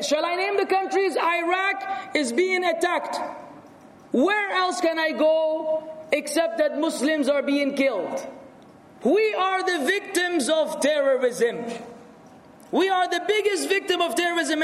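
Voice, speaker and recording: Brief: high-pitched male speaker, rhetorical and forceful, long hall echo. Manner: animated, rhetorical, rising to shouts. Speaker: speaker answering audience questions. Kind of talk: lecture Q&A with anecdotes. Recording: echoey hall.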